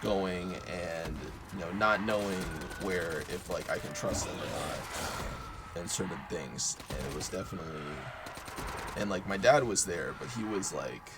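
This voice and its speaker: Young man, low register, casual and halting, swears freely; faint background noise. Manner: halting, full of fillers and swearing. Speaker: vlogger. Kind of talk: unscripted personal talk.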